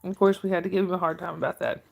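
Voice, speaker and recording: A woman's voice: fairly low pitch, flat delivery, rapid-fire, creaky, darkish tone. A middle-aged woman hosting a casual livestream, chatting with viewers, reading their comments aloud and cooing at her dog.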